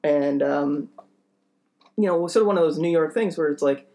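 His voice is a little high with a darkish tone, and his pace is moderate. The young man spins a casual, funny podcast story that meanders and stalls, laced with filler words and self-deprecating comments.

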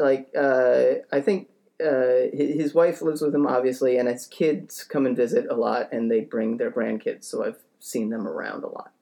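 A young man of medium pitch and slightly mellow tone shares a comedic anecdote on a podcast. His delivery is halting and meandering, dotted with fillers and self-mocking remarks.

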